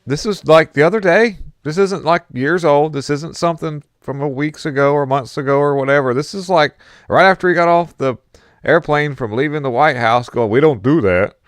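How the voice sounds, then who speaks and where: A man's voice: a little high, normal speed, no echo, studio quality. A man casually commenting on a political clip, mocking and incredulous and laughing often.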